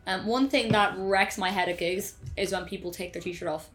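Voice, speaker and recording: A woman co-hosting a podcast in casual chat, blunt and quick to react. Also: mid-range voice, fairly even intonation.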